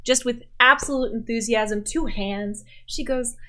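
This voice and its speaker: A woman narrating as game master in a steady, descriptive way. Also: on the high side, measured pace.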